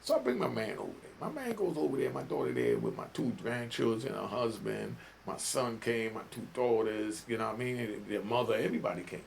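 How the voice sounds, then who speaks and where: A man's voice: medium pitch, big pitch swings, fairly quick, vocal fry, hardly any pauses, a little hiss or hum. An older man from New York giving casual commentary, talking in preachy street slang and often asking "you know what I mean?". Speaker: vlogger.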